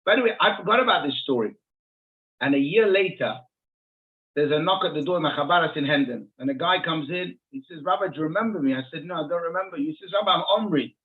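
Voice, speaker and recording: A middle-aged man, a rabbi, telling a lively story on a talk show and acting out the dialogue as he goes. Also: on the high side, fast. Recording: phone-like narrow sound.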